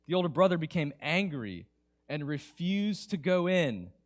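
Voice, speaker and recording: Male pastor delivering a sermon in church, slightly high voice, chatty and animated, drops quiet then lifts emphatically. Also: moderate pace. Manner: conversational, animated, swings between hushed and emphatic.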